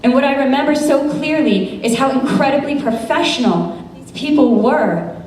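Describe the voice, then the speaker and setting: An American woman in her thirties, an attorney, telling a true story on stage with lively quoted dialogue. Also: high voice, normal speed, a little hiss or hum. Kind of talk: live storytelling performance. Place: large event space, live audience. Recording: echoey room from far off.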